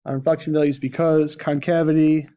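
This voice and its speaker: A man lectures his math class in a clean, level, slightly high voice at a fairly quick pace. He constantly checks in by asking "right?", heard through a dull, lo-fi classroom recording.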